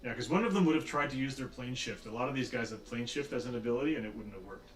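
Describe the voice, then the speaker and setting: A man's voice: medium pitch, fast talker. Male game master, rambling, hesitant, faint noise behind. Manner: rambling, laughing, hesitant with many fillers. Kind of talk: narrating a tabletop game over voice chat.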